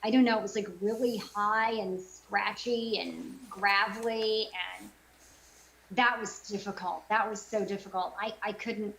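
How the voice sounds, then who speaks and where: A woman's voice: medium pitch, steady tone, measured pace, a bit bright, low-quality recording. A middle-aged woman voice actor chatting casually in an interview over a video call, with lots of fillers. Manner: chatty, many fillers and self-quotes. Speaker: voice actor guest.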